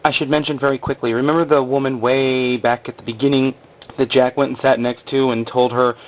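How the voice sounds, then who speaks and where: A man's voice: medium pitch, level tone, a little fast, highs cut off. A man casually recapping a TV episode over stick-figure drawings, chatty and rambling with lots of "like". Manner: chatty, rambling, full of "like" and acted quotes.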